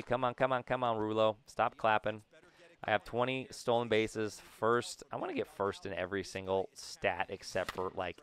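A young man talking through his baseball video game in a loose, rambling, joking way, now and then bursting into excited shouts. His voice is smooth and clear and sits a little low. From Southern California. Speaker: gaming YouTuber. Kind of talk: casual gameplay commentary.

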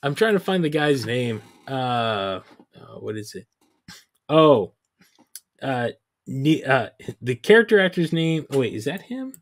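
A man hosting a podcast, recapping a film in a casual, sarcastic, animated way. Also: medium pitch, a little slow. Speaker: podcast host.

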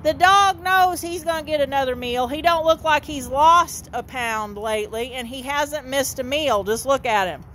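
A woman's voice: sits high, fairly bright tone. A woman giving a folksy, informal sermon outdoors, repeating her points and calling her listeners "saints.". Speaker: street minister. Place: outdoors in a dry horse lot.

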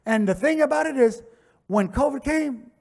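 A pastor with a Miami accent preaching a sermon, telling stories conversationally and rising to impassioned shouts. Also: male voice, very high voice, lively intonation, normal speed, vocal fry. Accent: Miami English. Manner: conversational storytelling with acted quotes. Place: church sanctuary.

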